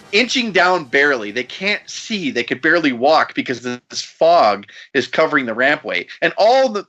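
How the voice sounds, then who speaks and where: A male podcast co-host tells a story in a loose, profane, laughing way. His bright, somewhat high voice swings up and down a lot. The recording is a bit dull and lo-fi. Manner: profane, laughing, animated retelling. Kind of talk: casual storytelling chat.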